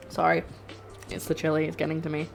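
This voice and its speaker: A woman's voice: low-pitched, creaky. Chatty woman cooking live on stream. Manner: chatty, rambling, talks to chat while cooking. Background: faint background music.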